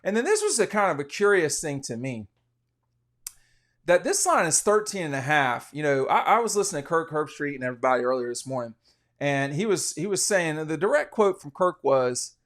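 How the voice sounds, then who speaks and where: A man's voice: fairly high pitch, sing-song, brisk, a bit bright. A man hosting a casual college football podcast, giving rambling, opinionated betting commentary with frequent restarts. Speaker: sports podcast host.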